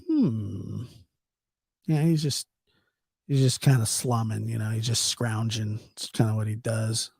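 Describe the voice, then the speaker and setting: A man telling a casual anecdote, animated and chuckling as he acts out the people in it. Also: medium pitch, creaky, no echo, studio quality. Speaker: storyteller.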